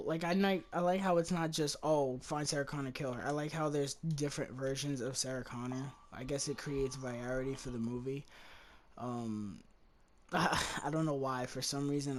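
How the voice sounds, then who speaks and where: A woman hosting a podcast, chatting loosely about a movie, swearing freely and trailing off. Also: extremely low pitch. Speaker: podcast host. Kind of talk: casual movie review chat.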